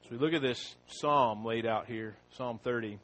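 A man preaching a sermon. He opens with a prayer, then reads scripture slowly and with rising force. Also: mid-range voice, low-quality recording. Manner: slow and deliberate, rising loud when reading scripture.

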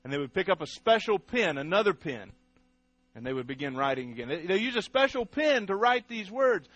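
Emphatic pastor, dry close sound. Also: male voice, high-pitched, sing-song, fairly quick, a bit bright, no echo, dull audio. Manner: emphatic, asks the congregation questions, repeats words. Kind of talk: sermon teaching.

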